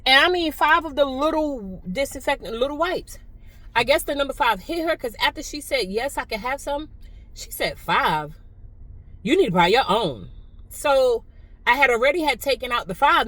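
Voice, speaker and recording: A middle-aged woman chatting casually in a vlog, nonchalant and talkative, dropping into hushed asides and then speaking up again, recorded on a phone while riding a bus. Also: high-pitched, lively intonation, brisk, no room sound, rough recording. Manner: nonchalant, chatty, drifts between hushed asides and louder telling. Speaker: vlogger.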